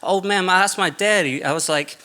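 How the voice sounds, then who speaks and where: Bright-voiced New Zealand man doing stand-up. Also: high voice, moderate pace. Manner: chatty, self-mocking, frequent filler "okay" and "you know". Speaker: stand-up comedian. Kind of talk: stand-up comedy set. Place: large theatre stage with audience. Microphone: stage microphone.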